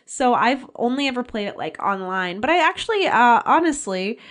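A woman in her twenties co-hosting a podcast, playful and quick to laugh in casual chat. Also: fairly high pitch, very animated, fairly bright tone. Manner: playful, laughs easily, chatty asides. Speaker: podcast co-host.

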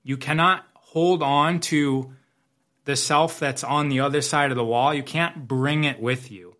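A man's voice: medium pitch, a little slow, bright, forceful tone. A man speaking as a business coach in a motivational talk, reflective and fond of metaphors, often repeating phrases.

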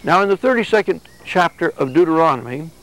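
A man with a notably high-pitched voice delivers a sermon. He keeps it conversational and explains his points plainly, sometimes acting out little dialogues. His tone stays relaxed and unforced throughout. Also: fast talker, poor audio. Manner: conversational preaching with acted-out exchanges. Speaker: religious speaker.

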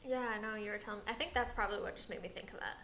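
A woman's voice: medium pitch, very fast, sharp tone, reverberant, a little hiss or hum. A woman co-hosting a casual podcast, rambling through a long story about her son and acting out his lines. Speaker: podcast co-host. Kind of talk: casual chat.

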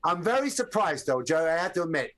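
A wry, teasing man in casual talk-show chat, his voice sitting a little high for a man. He drags out key words for dramatic emphasis and needles the others. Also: very animated, fairly quick, fairly bright tone. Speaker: podcast co-host.

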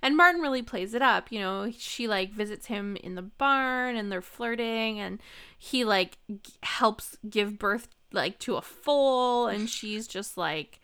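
A woman's voice: medium pitch, expressive, a little slow, sharp tone, clear, resonant tone. A woman co-hosting a podcast, chatting casually about a film and packing her talk with fillers and jokes. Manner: chatty, filler-heavy, jokey. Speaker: podcast co-host.

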